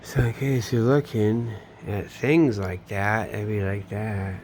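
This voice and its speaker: A man's voice: on the low side, steady tone, slow, a little mellow, a little hiss or hum. A man telling a long, meandering personal story, swearing often and trailing off mid-sentence. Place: home in Florida.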